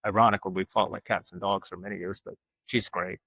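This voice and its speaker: A man's voice: sits low, little pitch movement, quick pace, pushed and bright, no echo, low-quality recording. A man, a guest telling rambling, self-mocking stories in casual interview chat. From Alabama. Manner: rambling, self-mocking storyteller who acts out quoted voices. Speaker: guest artist.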